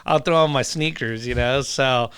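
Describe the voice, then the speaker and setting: A man telling animated stories in a casual podcast chat, laughing often and acting out dialogue. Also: mid-range voice, normal speed, smooth, no echo. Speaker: podcast guest, food truck owner.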